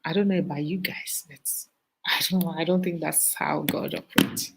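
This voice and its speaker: A middle-aged woman hosting a casual live-stream chat, telling stories with animated asides and a preachy streak. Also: sits low, moderate pace, creaky, noisy background.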